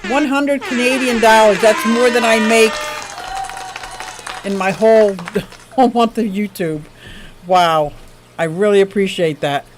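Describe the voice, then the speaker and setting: Woman, aquarium-channel stream host; casual, gushing, quick to laugh while reading tips. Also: medium pitch, faint music behind, some chatter behind, rough recording. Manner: gushing, excitable, laughs often.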